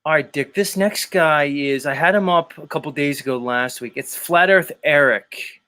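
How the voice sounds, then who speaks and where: Man, live stream host, slightly raised pitch, casual swearing, rambling asides, dry close sound. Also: bright, forceful tone, clear, resonant tone, no echo. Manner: loose, swears freely, drawn-out asides. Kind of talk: casual live panel chat.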